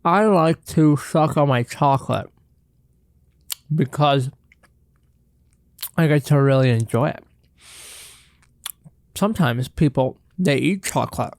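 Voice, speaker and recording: A man's voice: a little high, slow, pauses often, no room sound, studio quality. A man hosting a casual solo podcast, talking loosely with joking swears and chewing chocolate on the mic. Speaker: podcast host. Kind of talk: casual solo podcast chat with eating sounds.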